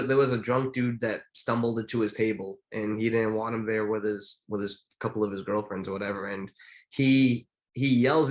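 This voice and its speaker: A man co-hosting a casual podcast, chatting in a relaxed, agreeable way with slang. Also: mid-range voice. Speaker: podcast co-host. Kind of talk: casual chat.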